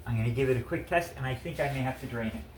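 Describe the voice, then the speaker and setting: A man's voice: mid-range voice, rapid-fire, darkish tone, slight background noise, rough recording. A man casually chatting in his home kitchen while cooking, rambling with lots of fillers. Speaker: home cook vlogger.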